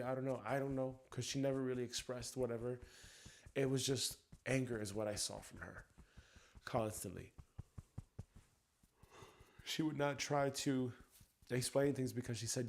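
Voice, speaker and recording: A man, a tapping coach, talking through his anger in a raw, profane personal monologue that swings from ranting to quiet reflection. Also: medium pitch, a little slow, vocal fry, pauses often, slight background noise.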